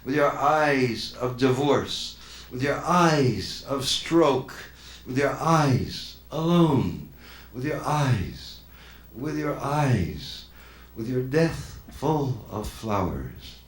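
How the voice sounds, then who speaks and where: A man in his sixties, a poet reciting in a slow incantatory way and then talking loosely and reflectively in an interview, on an old videotape transfer. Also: medium pitch, very animated, reverberant. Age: 60s. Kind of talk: poetry reading and interview answers.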